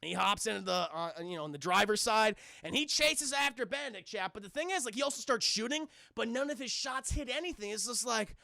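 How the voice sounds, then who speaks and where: Streamer, male, loose profane movie recap, gravelly edge, dry close mic. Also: high voice, brisk, hardly any pauses, bright, forceful tone, no room sound. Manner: rambling, profane, keeps addressing chat. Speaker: film reviewer streaming to chat. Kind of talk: casual scene-by-scene recap.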